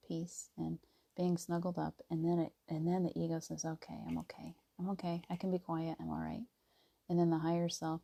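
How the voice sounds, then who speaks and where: A woman talks casually about spiritual practice, her voice low and mellow. She laughs often and slips into hushed, near-whispered tones when she acts out inner voices. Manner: soft and gentle, drops to near whispers. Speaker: spiritual teacher.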